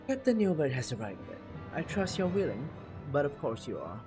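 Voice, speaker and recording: A stern fantasy commander, grave and formal, giving orders in a raised, lively voice, as a man reads him out from a game. The pitch climbs above his own and swings widely. Game music plays clearly behind him. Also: a little fast. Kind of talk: reading game dialogue aloud.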